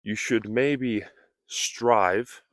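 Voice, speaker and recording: A man's voice: on the low side, drawn-out words, fairly bright tone, no echo, clean studio sound. A male English teacher speaking in short, careful phrases while walking outdoors, a little out of breath. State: slightly out of breath. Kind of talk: slow, deliberate teaching speech. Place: outdoors on a nature walk.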